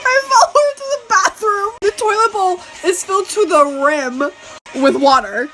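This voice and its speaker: A woman's voice: extremely high pitch, animated, moderate pace, bright, forceful tone, soft background music, low-quality recording. A woman telling a casual storytime about a party, chatty and giggly, acting out her panicked friend. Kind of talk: casual storytime to phone camera.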